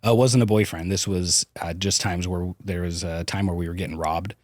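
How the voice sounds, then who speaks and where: A man with a deep voice and fairly even intonation speaks a little fast, with no room sound. As a podcast guest he recounts his childhood candidly, swearing freely and restarting his sentences hesitantly.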